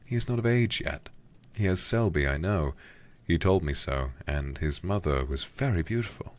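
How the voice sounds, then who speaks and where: A blustering old English lord who grumbles and gossips in a hushed whispered role-play, as a man puts him on. The voice sits extremely low and rumbles along in complaint. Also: lively intonation, moderate pace. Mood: grumbling. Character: gruff, grumbling old English lord, a young man's uncle.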